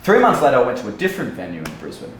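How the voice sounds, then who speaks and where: A man's voice: mid-range voice, wildly swooping pitch, racing, slight background noise. A young man, a dating coach, telling a story casually in a blunt, profane way. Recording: echoey room.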